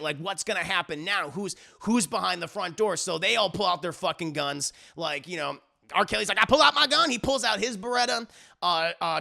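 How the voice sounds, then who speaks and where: Male reviewer, gravelly and bright, casual profane recap, acts out every line. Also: high voice. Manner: rambling, profane, acts out the lines. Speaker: music reviewer.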